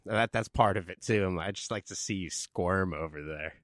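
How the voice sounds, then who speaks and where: A man co-hosting a podcast in casual banter, goofy and deadpan, slipping into silly sound effects. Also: low voice, moderate pace, no echo, studio quality. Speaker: podcast co-host. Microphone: studio mic.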